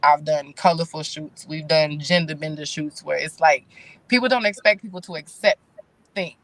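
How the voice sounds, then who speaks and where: A woman's voice: sits low, normal speed, no room sound. Blunt, slangy woman in her thirties. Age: 30s. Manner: candid, blunt slangy talk. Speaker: guest. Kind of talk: casual chat.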